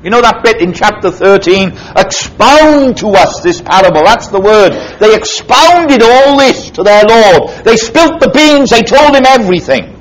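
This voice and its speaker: Slow, animated high-voiced male preacher. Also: rough recording. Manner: emphatic, dramatic retelling with sweeping pitch swings. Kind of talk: expository sermon.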